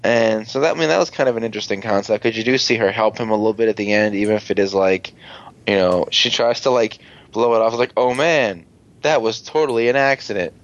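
A man casually recapping a show episode, rambling, swearing and acting out characters' lines. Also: fast. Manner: rambling, swears, acts out quotes in higher voices. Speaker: podcast host recapping an episode. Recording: dull lo-fi sound.

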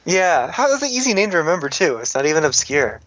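A man's voice: a little high, big pitch swings, a bit bright. Joking man, dull lo-fi audio. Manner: joking, exasperated, quick asides. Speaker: podcast co-host. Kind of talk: casual chat, reading listener comments.

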